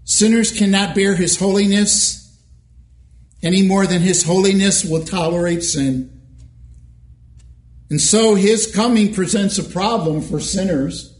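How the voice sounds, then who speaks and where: A male pastor preaching a sermon in a church, measured and emphatic, asking rhetorical questions. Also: sits high, reverberant.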